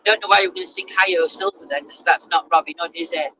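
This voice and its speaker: A woman's voice: fairly low pitch, fairly even intonation, fast talker, pushed and bright, low-quality recording. A woman, chatting casually and teasing herself during a road trip, recorded in a moving car. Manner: chatty, self-mocking. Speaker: vlogger. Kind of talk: casual chat. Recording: car noise in background.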